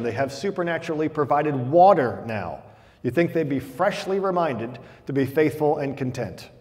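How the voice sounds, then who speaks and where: A man's voice: fairly high pitch, darkish tone, long reverb tail. A male pastor delivering a conversational, humorous sermon, reading Bible passages aloud between jokes.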